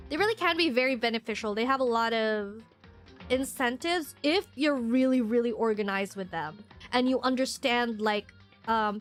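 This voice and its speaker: A woman's voice: a little high, a bit bright. A woman streamer in casual live-stream chat, rambling and chatty with lots of fillers and frequent laughs.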